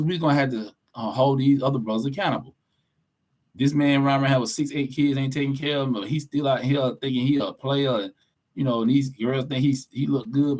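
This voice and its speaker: Blunt, preachy podcast co-host man. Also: medium pitch. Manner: blunt, preachy, profane, emphatic. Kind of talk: casual opinionated podcast talk.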